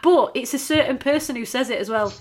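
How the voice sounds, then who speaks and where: A woman with a northern English accent co-hosting a podcast, chatting casually, blunt, sweary and quick to laugh. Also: sits high. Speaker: podcast co-host. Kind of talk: casual chat.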